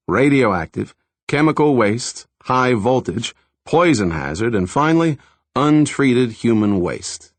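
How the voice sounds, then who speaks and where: A man narrates a thriller audiobook in the first person, with a dry, wry storytelling manner. His voice is low but moves through a wide, lively range. The recording is close and completely dry. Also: dry recording.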